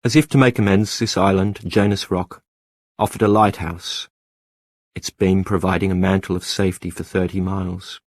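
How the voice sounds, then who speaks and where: Man, audiobook narrator, very low voice, measured lyrical reading, dry close mic. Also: fairly even intonation, dry recording.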